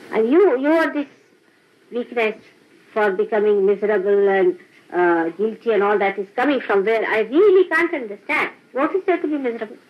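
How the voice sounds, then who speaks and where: An older woman speaks to a small gathering of followers with a husky, breathy voice. Her pitch swings widely as she laughs and acts out little exchanges. The old recording sounds dull and lo-fi. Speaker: spiritual teacher. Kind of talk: informal spiritual talk to followers. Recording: dull lo-fi archival tape.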